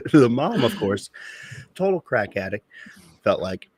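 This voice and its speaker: A man's voice: on the low side, big pitch swings, slow, darkish tone, husky, no echo. A man co-hosting a casual podcast chat, telling a story bluntly and with plenty of swearing. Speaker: podcast co-host.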